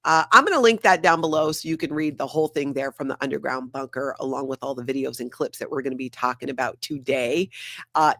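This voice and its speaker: A woman's voice: low-pitched, no echo, clean studio sound. A woman hosting a casual livestream, chatting and reading out viewer comments. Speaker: host.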